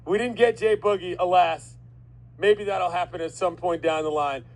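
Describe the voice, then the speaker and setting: A man's voice: sits high, normal speed, low-quality recording. A man hosting a sports radio show, upbeat and laughing often as he reacts to callers.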